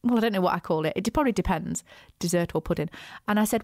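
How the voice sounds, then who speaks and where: A woman hosting a business podcast, chatty and animated, with frequent asides and restarts. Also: on the low side, quick pace, few pauses, dry recording, clean studio sound. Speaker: podcast host, business coach. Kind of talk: casual solo podcast talk.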